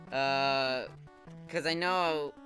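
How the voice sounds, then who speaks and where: A young man commenting live on his gameplay, swearing a lot, laughing often and yelling at the game when he fails. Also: mid-range voice. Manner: profane, excitable, laughs often, shouts at the game. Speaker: streamer playing a retro game. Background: game music.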